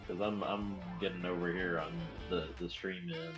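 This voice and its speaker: A man with a hoarse, scratchy voice from being sick chats loosely and playfully. His voice sits low but swings up and down a lot. Game music plays clearly behind him. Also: very animated, normal speed. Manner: rambling casual chat, playful. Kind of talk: casual chat.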